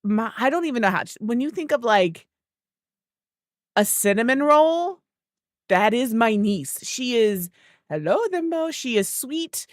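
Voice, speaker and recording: A woman's voice: a little high, lively intonation, a little slow, no room sound, studio quality. A woman streaming a game, chatting casually and rambling through stories while greeting viewers by name. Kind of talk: casual chat with live chat.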